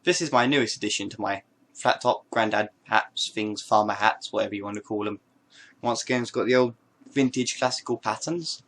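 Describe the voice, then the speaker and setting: A man's voice: lowish voice, brisk, fairly bright tone. A man chatting casually to camera, showing his hats with playful, rambling jokes and asides. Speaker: vlogger. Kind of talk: casual show-and-tell to camera.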